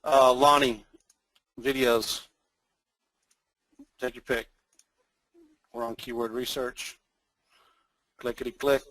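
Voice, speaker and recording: A man with a North Texas accent giving a casual, rambling screen-share demo of software as a webinar presenter. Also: mid-range voice, level tone, slow pace, long pauses, no echo, low-quality recording. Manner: folksy, rambling, chuckles often.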